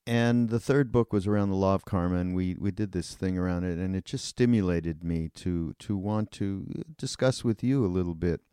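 An older man hosting a podcast in casual conversation, hesitant with many filler pauses. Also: low voice, mellow, smooth, dry recording, clean studio sound. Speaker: podcast host.

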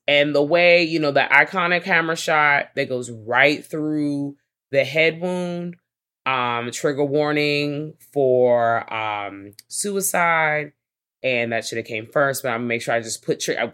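A woman with a low voice, co-hosting a casual podcast. She recaps a film with animated energy, her delivery swinging up when the scene gets wild. She swears freely as she talks. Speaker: podcast co-host. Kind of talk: casual movie recap chat.

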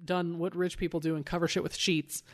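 Lively, profane woman chatting casually. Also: fairly low pitch. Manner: animated, profane, acts out characters in quick asides. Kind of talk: casual chat recapping a comic.

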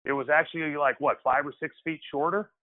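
A man's voice: on the high side, fairly even intonation, a little fast. A man reminiscing as an interview guest, in a loose conversational way with frequent restarts. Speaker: guest, former pro basketball player. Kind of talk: casual storytelling interview. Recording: tinny phone-like line.

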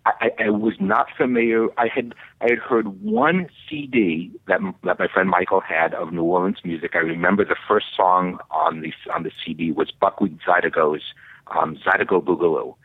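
Deep-voiced man on a tinny phone line. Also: breathy edge, no room sound. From Boston area. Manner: halting, many restarts, dry humor. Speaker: guest caller. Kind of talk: casual chat over phone.

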